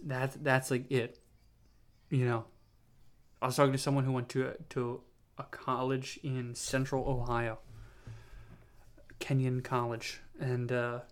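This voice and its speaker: Tired young man rambling on his podcast. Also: medium pitch. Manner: meandering, self-mocking, full of fillers and restarts. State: tired, yawning. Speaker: podcast host. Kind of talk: rambling solo podcast monologue.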